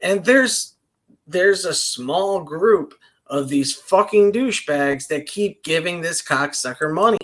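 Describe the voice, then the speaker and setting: A man's voice: a little high, animated, takes it slowly, a bit bright. A man streaming a reaction, ranting angrily with constant swearing in a loose, rambling way. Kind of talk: profane reaction rant.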